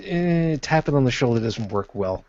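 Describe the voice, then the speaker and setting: A man hosting a casual podcast chat who reads out viewer questions in a halting way, with many "uh" fillers. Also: medium pitch, animated, darkish tone, slight background noise. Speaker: podcast host. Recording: dry, dull lo-fi call audio.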